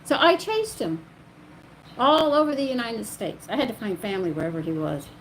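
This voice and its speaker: An older grandmother telling the story of her own life, animated and emotional. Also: on the high side, normal speed, a little hiss or hum, rough recording. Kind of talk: personal storytelling.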